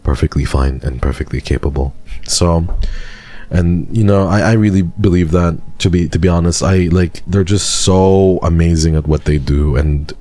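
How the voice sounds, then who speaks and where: Very deep-voiced dry American man. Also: moderate pace, mellow. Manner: dry and sarcastic. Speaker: livestreamer. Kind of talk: casual chat with viewers.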